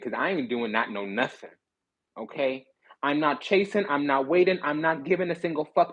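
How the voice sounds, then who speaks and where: A man giving a sassy, animated tarot reading, blunt and swearing freely. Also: on the high side, normal speed, highs cut off. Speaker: spiritual card reader.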